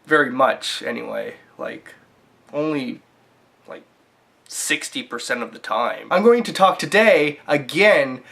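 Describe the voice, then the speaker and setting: A man's voice: on the high side, animated, a little slow, creaky, pushed and bright. A man talking to the camera in a casual vlog, earnest and reflective in a chatty way. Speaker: vlogger.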